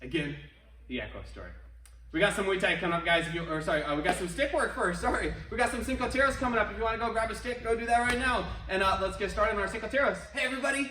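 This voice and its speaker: A high-voiced man leads an online martial arts warmup class, speaking rapid-fire through a face mask. He's upbeat, encouraging, and chatty, with plenty of asides. He's fairly far from the mic in an echoey studio, with slight background noise.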